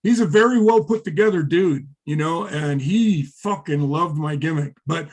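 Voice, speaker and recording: A middle-aged former wrestler, a guest in an interview, telling stories in a rambling, profane way with many fillers. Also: male voice, on the high side, moderate pace. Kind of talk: casual interview storytelling.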